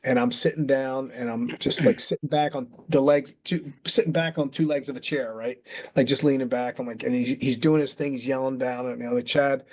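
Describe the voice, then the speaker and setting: A man's voice: mid-range voice, a little fast. Middle-aged man acting out a backstage story. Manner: animated, acts out quotes, many fillers. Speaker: retired pro wrestler guest. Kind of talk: casual storytelling.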